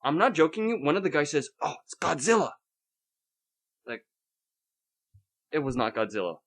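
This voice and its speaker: A podcast host with a voice on the high side talks a little fast, ranting about a night at the movies. It's casual, animated storytelling, and he swears freely throughout.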